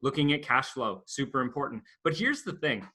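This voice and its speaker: A man's voice: medium pitch, very animated, moderate pace, pushed and bright, slightly rough. A man who is an accountant, a guest on a podcast, explaining business finance steadily and repeating key points.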